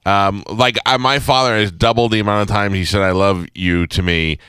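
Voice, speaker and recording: A man's voice: on the low side, fairly even intonation, normal speed, pushed and bright, clean tone, no room sound, clean studio sound. A man in his forties from New York hosting a morning radio show, joking and telling laid-back stories. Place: radio studio.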